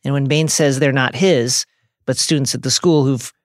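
A man's voice: mid-range voice, fairly even intonation, normal speed, no echo, studio quality. A man co-hosting a podcast, narrating a scripted recap with reflective commentary and wry humor. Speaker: podcast co-host.

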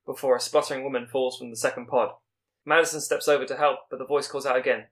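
A man reading out a scripted plot pitch as a podcast co-host, with small slips as he goes. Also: flat delivery, fairly bright tone. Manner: brisk storytelling read with small slips.

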